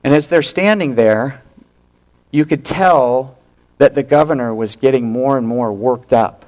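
Male pastor, unhurried sermon delivery, acts out the characters' lines, sudden hushed asides. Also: mid-range voice. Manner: animated storytelling, acting out quoted lines.

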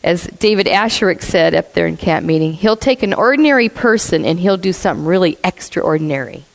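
A woman telling a story in a sermon, blunt and animated, acting out what people said. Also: on the low side, a little fast, creaky. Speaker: church speaker. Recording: long reverb of a hall.

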